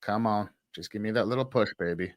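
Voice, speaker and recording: Male co-host trader, low pitch, dry sound, halting self-talk. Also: no echo. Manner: talks himself through trades, halting, self-coaching. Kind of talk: casual live-stream chat.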